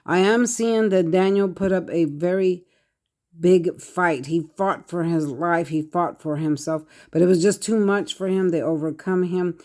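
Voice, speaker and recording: A tarot reader, talking to viewers in short, halting, repetitive bursts of earnest speech. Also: medium pitch, darkish tone. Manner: earnest, addresses viewers directly. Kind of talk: tarot card reading monologue.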